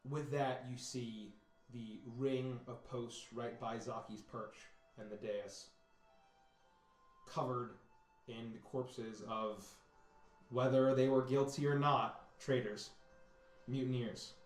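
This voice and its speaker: Slow, halting game master in an echoey room. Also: male voice, medium pitch, fairly even intonation, faint music behind. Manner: halting, repeats words while describing scenes. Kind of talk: narrating a tabletop game.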